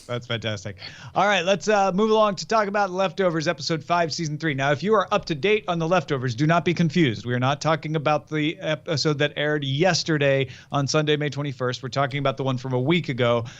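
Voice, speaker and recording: A man's voice: on the high side, fast talker, a bit bright. Chatty man with a lo-fi sound. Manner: chatty, reads listener mail aloud. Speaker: podcast co-host. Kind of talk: casual chat about TV episodes.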